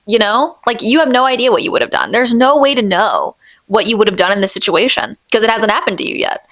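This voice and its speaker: A woman's voice: on the high side, fast talker, fairly bright tone, dry recording. A woman chatting as a book vlogger, gushing and emphatic, repeating herself for stress while she comments on quotes. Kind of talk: casual fan commentary reading book quotes.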